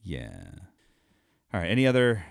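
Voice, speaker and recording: Casual co-host, man, thirties, playful and profane, very animated intonation, dry sound. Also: on the low side, moderate pace, gravelly, smooth, no echo. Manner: joking, laughs often, swears. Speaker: podcast co-host. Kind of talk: casual chat.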